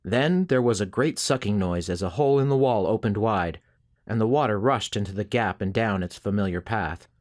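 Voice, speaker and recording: A man narrating a first-person western novel as an audiobook, in a steady, measured storytelling manner. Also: fairly low pitch.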